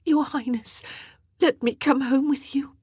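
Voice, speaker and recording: A woman voicing a young noblewoman lady-in-waiting, pleading and tearful, in a high, breathless voice for an audiobook. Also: unhurried, a little mellow, slightly rough, dry recording, clean studio sound.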